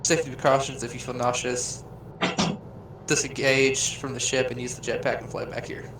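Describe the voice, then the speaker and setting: Laid-back game master, echoey room. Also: male voice, medium pitch, level tone, normal speed, background noise. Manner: laid-back, laughing, swears casually. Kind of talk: narrating a tabletop game. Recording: echoey room, mic far off.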